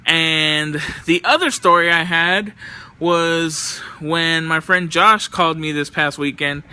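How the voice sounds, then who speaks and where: Bright, profane young man telling stories. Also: fairly high pitch, slow, clear, resonant tone. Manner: loose, profane, exasperated anecdotes. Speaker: vlogger. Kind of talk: casual storytelling.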